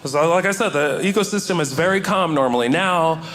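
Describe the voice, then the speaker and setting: A man doing stand-up comedy, telling a story to a live audience with animated delivery and loud outbursts. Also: a little high, fairly quick, noisy background. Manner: animated, acts out voices in his story, loud excited outbursts. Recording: stage recording with audience laughter. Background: audience laughter.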